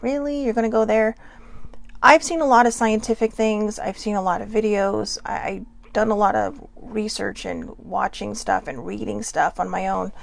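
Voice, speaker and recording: A woman's voice: mid-range voice, gravelly. A woman hosting a casual self-care pep talk, chatty and often checking in with "right?". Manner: chatty, keeps asking "right?". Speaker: host.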